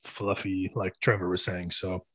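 A man's voice: low-pitched, level tone, a little slow, a bit bright, no echo. A man co-hosting a podcast, talking earnestly in a casual, rambling way. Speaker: podcast co-host.

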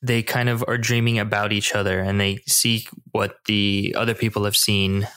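A man co-hosting a podcast, talking casually about a movie in a halting, hesitant way with many fillers. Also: fairly low pitch, little pitch movement, sharp tone, smooth. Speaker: podcast co-host.

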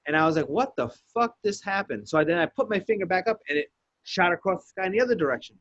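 A man's voice: high-pitched, very fast, no echo, lo-fi sound. A man telling a story in casual podcast chat, swearing freely and acting out the lines he quotes. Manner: profane, animated storyteller who acts out quotes.

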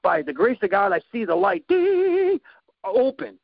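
A man telling a story in a casual chat, animated, acting out sound effects and quoted lines. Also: extremely high pitch, unhurried, gravelly, no room sound, phone-quality sound.

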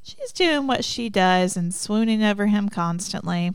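A woman's voice: mid-range voice, lively intonation, a little slow, clean tone, dry recording. A woman co-hosting a casual book discussion podcast, summarizing chapters, reading passages aloud and adding chatty asides. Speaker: podcast co-host.

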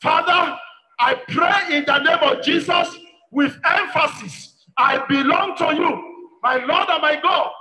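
A man's voice: very high voice, unhurried, slight background noise. A man, a pastor leading a congregation in fervent prayer, calling out repeated commands. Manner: shouted, repetitive commanding prayer. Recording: echoey hall with long reverb.

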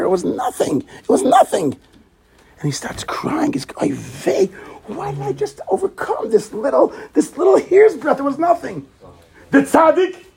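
Lively high-voiced man giving a Torah talk. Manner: emphatic, full of rhetorical questions and repetition; swings between soft asides and near shouting. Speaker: rabbi teaching Torah. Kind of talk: animated Torah lecture.

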